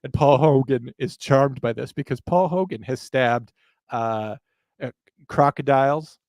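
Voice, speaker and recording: A man co-hosting a live podcast at a mid pitch, rambling from one joke to the next with the odd profane aside. The sound is close and dry, with no room around him. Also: measured pace, darkish tone, no echo. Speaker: podcast co-host.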